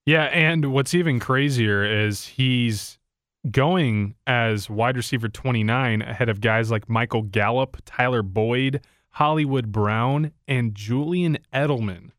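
Halting man co-hosting a podcast. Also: mid-range voice, a bit bright, no room sound, studio quality. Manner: halting, restarts mid-thought. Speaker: podcast co-host. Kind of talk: casual sports podcast chat.

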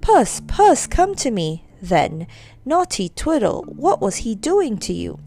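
A woman voicing a brisk, practical wife who scolds her husband sharply. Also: on the high side, very animated, vocal fry, mellow, soft background music, heavily acted. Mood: cross.

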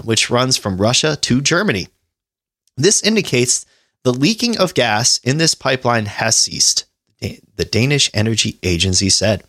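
A man's voice: mid-range voice, vocal fry, fairly bright tone, dry recording, studio quality. A man hosting a podcast, reading news aloud in casual chat and riffing irreverently with swearing and laughter. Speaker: podcast host.

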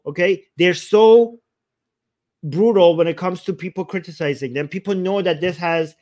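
A man hosts a livestream with a fairly high voice. He rants combatively and hurls insults, then rambles while setting up clips to share. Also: normal speed, a little mellow. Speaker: livestream host. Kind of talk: heated livestream reaction commentary.

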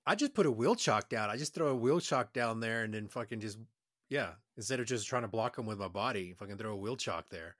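A man's voice: on the low side, lively intonation, a little fast, a bit bright, no echo. A man in casual, crude podcast chat who rambles, swears a lot and trails off into fillers. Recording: dry close sound.

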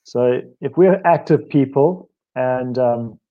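A man's voice: mid-range voice, takes it slowly, highs cut off. A man from South Africa telling a story in a casual, rambling way, correcting himself as he goes. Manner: rambling, self-correcting, laughs often. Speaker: guest speaker on stretching. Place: home office.

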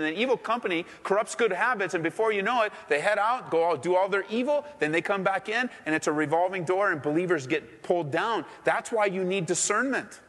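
A man's voice: a little high, fairly bright tone. Impassioned man preaching in a reverberant church. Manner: impassioned preaching, voice rising sharply in acted prayers. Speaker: pastor. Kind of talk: sermon. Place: church sanctuary.

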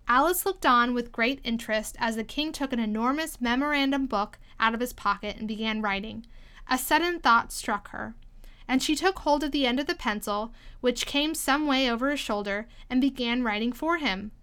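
A woman reading a storybook aloud in an expressive, lively storytelling manner. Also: fairly high pitch, moderate pace, smooth. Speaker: storybook reader. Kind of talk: storybook read-aloud narration.

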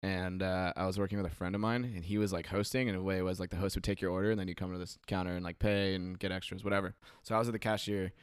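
A man's voice: low-pitched, little pitch movement, rapid-fire, few pauses, smooth, dry recording, studio quality. A man hosting a casual podcast chat, rambling and joking with many fillers. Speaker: podcast host.

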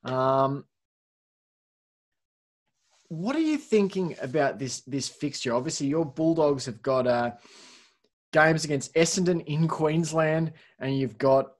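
A man in mid pitch hosts a casual sports podcast. He runs through results with wry asides and a lively, chatty delivery. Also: slow pace. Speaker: podcast host.

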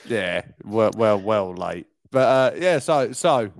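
A man's voice: lowish voice, expressive, slow, dry recording. A young man from Kent with a southern English accent, co-hosting a podcast in casual banter, swearing and laughing a lot. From Kent, England. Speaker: podcast co-host.

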